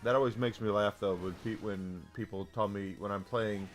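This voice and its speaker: A man's voice: lowish voice, steady tone, moderate pace, soft background music. A man live-streaming a retro game, chatting casually with viewers in a rambling, talkative way. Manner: rambling, restarts, heated about sports.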